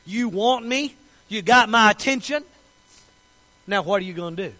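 A man preaching a sermon, his voice sitting unusually high. He talks with passion, dropping to quiet asides and then rising to shouted declarations. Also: animated, moderate pace, poor audio. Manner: impassioned, swinging from soft asides to shouted declarations. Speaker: pastor.

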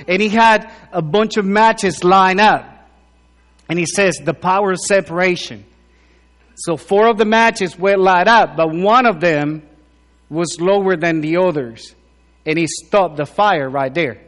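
High-voiced joking preacher in a reverberant hall. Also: male voice, a little slow. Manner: conversational, joking, swings between loud emphatic lines and low asides. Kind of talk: sermon. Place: church hall. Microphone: handheld microphone.

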